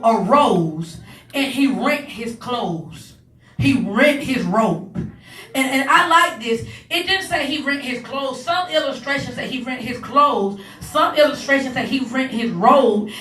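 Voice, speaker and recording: High, bright woman preaching in an echoey hall. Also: recorded from a distance. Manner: builds from low, measured teaching to shouted, rising preaching. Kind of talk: sermon.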